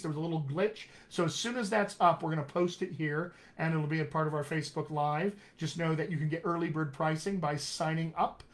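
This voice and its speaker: Live-streaming an upbeat, talkative session, a male dialect coach speaks with a General American accent and a fairly high pitch. He takes his time spelling out web addresses.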